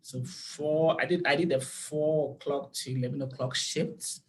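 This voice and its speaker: A woman, a podcast guest, telling a story in an animated way and acting out the dialogue. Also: low voice, unhurried. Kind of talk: conversational storytelling.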